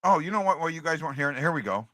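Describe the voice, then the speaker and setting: A man's voice: on the high side, lively intonation, very fast, sharp tone, no echo, clean studio sound. A man hosting a casual hockey livestream, chatting to his viewers and repeating himself as he talks. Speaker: hockey podcast host.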